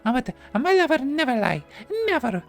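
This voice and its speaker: A man voicing a grieving Italian woman in a high falsetto, with a put-on Italian accent and broken English. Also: big pitch swings, moderate pace, gravelly, soft background music, exaggerated voice. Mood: pleading.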